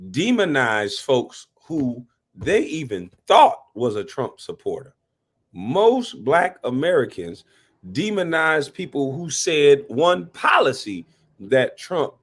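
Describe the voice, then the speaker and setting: Animated, profane man on a livestream. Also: medium pitch, husky. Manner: animated, profane, gives shout-outs to chat. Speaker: livestream reaction host. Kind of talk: live reaction commentary.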